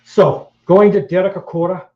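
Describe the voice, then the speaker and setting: A middle-aged Welsh man hosts a podcast in a high, steady voice at normal speed. His casual chat is blunt, crude, and rambling with many fillers, and the recording has a roomy, dull, lo-fi sound.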